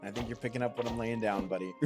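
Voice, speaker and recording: A man's voice: medium pitch, lively intonation, a little fast. A man streamer giving casual, rambling gameplay commentary and answering his chat, still congested from a lingering cold. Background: game music.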